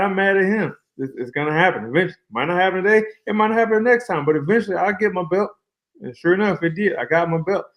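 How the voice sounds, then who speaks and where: A high-pitched man appears as a guest fighter in a casual interview over a remote call. He's relaxed and colloquial, spinning long, flowing stories.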